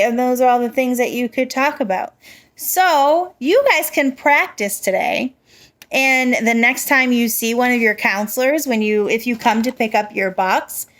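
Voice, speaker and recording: A woman with a slightly high voice teaches young children. She talks slowly and clearly, giving one simple example after another, encouraging the kids as she goes. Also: a bit bright.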